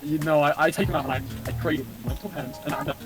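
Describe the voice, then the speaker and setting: Young guy, deadpan rambler, a bit high-pitched, music bed behind. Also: fast. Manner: rambling, stumbling, deadpan with dark jokes. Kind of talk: casual chat.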